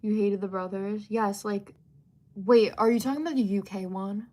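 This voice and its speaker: A woman's voice: medium pitch, steady tone, moderate pace, darkish tone. A young woman hosting a livestream, chatting casually and reading out viewer comments, with lots of fillers and giggly asides. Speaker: livestream host.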